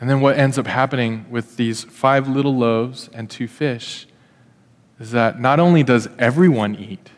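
A man preaching a sermon in a church, telling the story in a conversational, animated way and acting out the quotes. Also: medium pitch, moderate pace. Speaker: pastor. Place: church hall. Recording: echoey church hall.

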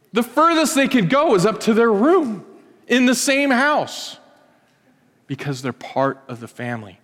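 A man's voice: high voice, long reverb tail. A male pastor preaching in a conversational, joking way, acting out little everyday scenes. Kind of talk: sermon. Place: church.

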